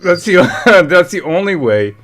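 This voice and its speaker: A man's voice: sits high, sing-song, unhurried, fairly bright tone. Man, livestream co-host, casual rambling talk, frequent laughs. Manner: rambling, laughs often, reads chat.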